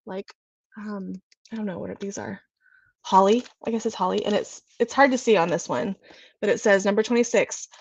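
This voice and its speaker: A young woman from California hosting a casual livestream, chatting in a bubbly, gushing, excitable way. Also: mid-range voice, slight background noise. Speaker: livestream host.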